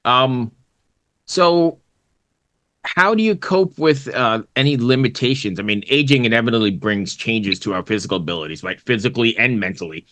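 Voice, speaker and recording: Male podcast host, bright forward voice, friendly and loose, fumbles his phrasing. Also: mid-range voice, moderate pace, no echo. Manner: friendly, self-deprecating, stumbles on words. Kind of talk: interview questions.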